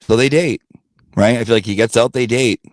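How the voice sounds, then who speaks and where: A man's voice: mid-range voice, fairly quick, dry recording, studio quality. A man telling a blunt, profane gossip story in a rambling rant-style monologue. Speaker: channel host.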